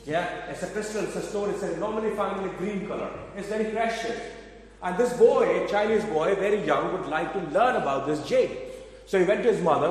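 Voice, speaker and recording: A man's voice: high voice, animated, fast talker. A man preaching a sermon, telling a story and asking his listeners questions in a conversational way. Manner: conversational, addresses audience with questions. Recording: echoey hall from afar.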